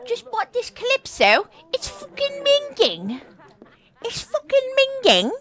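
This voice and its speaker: Shrill, crude young British lad with a put-on British accent, very high and loud, voiced by a woman. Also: huge pitch swings, slow pace, exaggerated voice. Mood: mocking. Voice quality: shrill, exaggerated.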